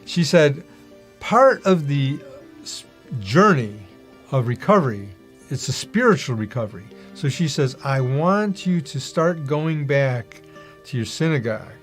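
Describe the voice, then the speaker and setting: A man's voice: on the high side, sing-song, measured pace, soft background music. A man giving a personal testimony, telling his story vividly and acting out the dialogue in it. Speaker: testimony speaker.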